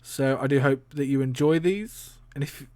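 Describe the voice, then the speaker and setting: A man's voice: medium pitch, moderate pace, dark tone, dry recording. A man hosting a casual solo stream, rambling and chatty, laughing often and swearing casually. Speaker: streamer and podcast host.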